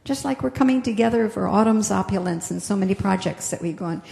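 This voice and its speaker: Gravelly woman preaching in an echoey hall. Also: mid-range voice. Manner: gentle, reflective, slows down on key phrases. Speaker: minister. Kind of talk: sermon. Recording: echoey hall with long reverb.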